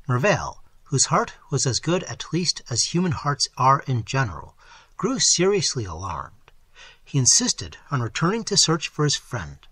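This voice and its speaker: A male audiobook narrator tells a classic story with vivid, animated swings in pitch. His voice is husky yet bright. The recording is close and dry. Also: no echo. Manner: expressive storytelling, widely varied pitch. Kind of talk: scripted narration of a classic novel.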